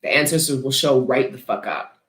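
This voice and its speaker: A woman hosting a casual livestream, chatting bluntly with viewers and answering their questions, swearing freely and talking with animated emphasis. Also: extremely low pitch, a little fast, echoey room. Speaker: host selling frankincense to viewers.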